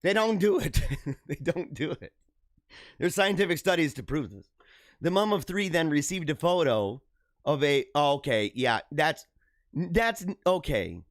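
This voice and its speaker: A man's voice: fairly high pitch, moderate pace, dry recording, clean studio sound. A man hosting a live show, joking and laughing as he riffs on a news story. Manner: jokey, animated, laughs often. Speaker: show host. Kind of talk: livestream commentary.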